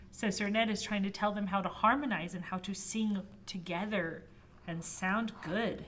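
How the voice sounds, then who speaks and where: A woman librarian reading a picture book aloud to toddlers, expressive, with asides to the children. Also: medium pitch, a little hiss or hum. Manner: slow, lilting and expressive. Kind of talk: toddler storytime read-aloud.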